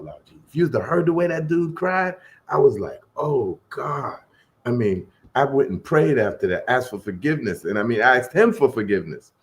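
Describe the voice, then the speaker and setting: Man, storytelling, earnest, heartfelt, slow build, mid-pitched. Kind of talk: personal storytelling.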